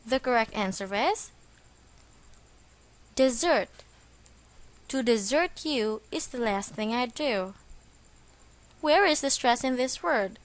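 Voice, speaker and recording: A woman's voice: on the high side, lively intonation, unhurried. A woman reading a scripted English vocabulary lesson as the teacher, speaking carefully and stressing syllables.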